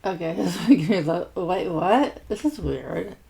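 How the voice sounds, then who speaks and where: A woman's voice: lowish voice, lively intonation, moderate pace, creaky, dark tone. A woman hosting a food channel, chatting casually and reading out viewer names and comments, with lots of fillers and restarts. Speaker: mukbang host. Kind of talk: casual chat reading viewer shout-outs.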